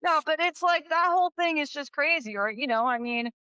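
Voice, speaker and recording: A young woman from California chatting as a podcast guest, telling animated stories and acting out the people in them. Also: high voice, a little fast, no echo, highs cut off. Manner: animated storyteller, acts out quoted voices. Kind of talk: casual chat.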